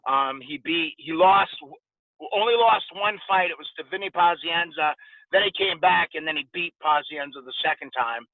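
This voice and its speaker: A man in his forties, a podcast guest, casually telling lively stories and acting out the dialogue. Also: fairly high pitch, moderate pace, no room sound. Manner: animated anecdote-telling with quoted dialogue. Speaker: podcast guest, former boxer. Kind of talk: casual storytelling interview. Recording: dry, tinny phone-like sound.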